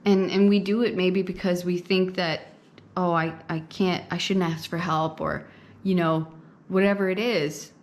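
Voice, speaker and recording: Lowish-voiced woman giving a casual tarot reading. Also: steady tone, unhurried. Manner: conversational, repeats phrases, frequent "okay?" and "right?". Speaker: tarot reader. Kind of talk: pick-a-card tarot reading to camera.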